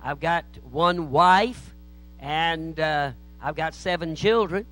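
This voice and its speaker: Folksy preacher man, bright voice. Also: a little high, slow pace, low-quality recording. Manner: folksy joke-telling, acts out voices in anecdotes. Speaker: pastor. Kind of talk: sermon with humorous stories. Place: church.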